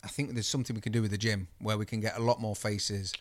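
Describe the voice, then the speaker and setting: A man co-hosting a podcast in casual chat, excitable and jokey, swearing freely. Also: lowish voice, quick pace. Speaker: podcast co-host.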